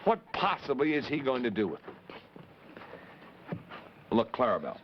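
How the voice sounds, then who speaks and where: A man hosting a 1950s live children's TV show, talking straight to the kids in an animated way. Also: mid-range voice, moderate pace, pauses often. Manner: animated, addressing kids directly. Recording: dull lo-fi 1950s TV recording with faint hiss.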